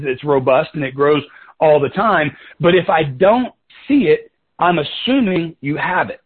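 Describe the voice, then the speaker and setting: A man leading a coaching talk for his sales team on a conference call, casual and conversational, often calling them "guys" and wandering into side stories. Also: a little high. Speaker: sales team leader and mentor. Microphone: telephone. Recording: tinny phone-line conference call.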